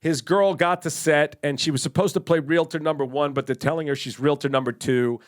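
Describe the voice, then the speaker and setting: Male podcast co-host, animated raconteur, a touch high-pitched, casual and profane. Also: fairly quick. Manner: animated storyteller, swears and laughs. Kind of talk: casual storytelling chat.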